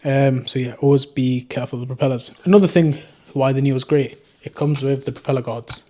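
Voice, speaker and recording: A young man with a Geordie accent that slides toward southern English. He talks at an ordinary middle pitch in a loose, rambling, self-mocking way, chatting to his viewers indoors. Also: fairly even intonation, fairly quick, warm tone, a little hiss or hum. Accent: Geordie mixed with southern English. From North East England. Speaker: drone vlogger. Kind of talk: casual unscripted chat to camera.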